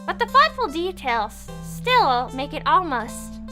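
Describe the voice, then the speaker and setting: A young woman streamer reading a visual novel aloud, playful and expressive, with squeaky gasps, giggles and asides to her viewers. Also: takes it slowly, music in the background. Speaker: streamer and voice actress.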